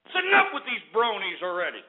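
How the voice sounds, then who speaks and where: A man hosting a call-in radio show, ranting loudly and hurling insults at callers. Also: sits high, huge pitch swings, fairly quick. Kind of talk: abrasive call-in radio talk. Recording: lo-fi phone-quality internet radio.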